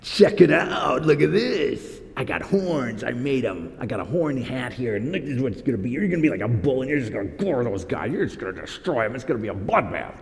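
A man's voice: mid-range voice, very animated, brisk, creaky, hardly any pauses. A swaggering, boastful false prophet shows off his horned hat in a loose, casual way, as a preacher puts him on. The lines ring through a hall with a long reverb, like part of a sermon.

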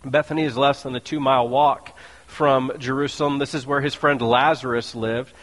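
A man's voice: medium pitch, steady tone, a bit bright. Joking preacher man in a reverberant hall. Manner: joking, conversational preaching with quick asides. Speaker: pastor. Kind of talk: sermon.

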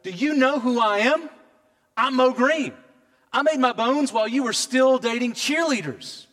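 Guy putting on a furious gangster, high and loud, yelling who he is, big churchy echo. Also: measured pace. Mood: indignant. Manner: shouting, indignant. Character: irritated aging gangster man, boastful and hot-tempered.

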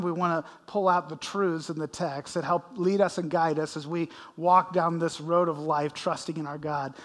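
Man preaching in a reverberant hall. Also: a little high. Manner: expository preaching with dramatic readings of scripture. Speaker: pastor. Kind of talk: sermon. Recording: long reverb of a large hall.

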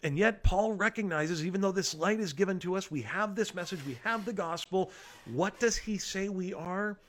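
An earnest man delivers a sermon, reading passages aloud and then explaining them. His voice sits a little higher than most men's. He leans on key phrases and repeats them for weight. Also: normal speed, a bit bright, a little hiss or hum. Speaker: preacher.

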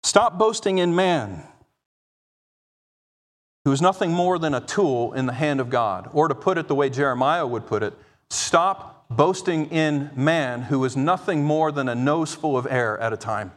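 A man's voice: medium pitch, fairly quick, few pauses. A man preaching an expository sermon, emphatic, acting out quoted speech and often checking in with "right?". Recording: long hall reverb.

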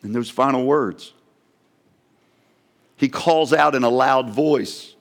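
A man's voice: mid-range voice, slow. A man preaching a sermon, dramatically voicing an onlooker's wondering questions. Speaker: pastor.

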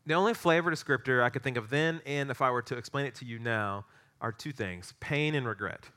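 A middle-aged man preaching a sermon, telling a story with animated, excitable energy. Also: mid-range voice, a little fast. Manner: storytelling, animated, rising to excited peaks in anecdotes. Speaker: pastor.

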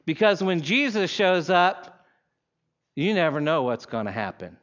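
Male pastor, sermon storyteller, unhurried delivery, muffled church recording. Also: on the high side, big pitch swings, fairly bright tone. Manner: vivid second-person storytelling, leads the congregation in reading aloud.

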